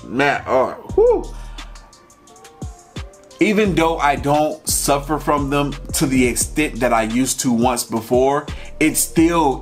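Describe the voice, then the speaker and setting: A man vlogging, talking candidly and emotionally to his viewers about his own experiences in a casual, personal way. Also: medium pitch. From Georgia, USA. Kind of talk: personal storytelling to camera.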